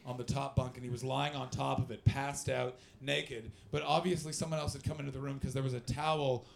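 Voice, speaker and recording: There's slight background noise as a young Canadian man does stand-up crowd work and storytelling, loose, profane and lively. His medium-pitched voice moves fairly quickly and carries vocal fry.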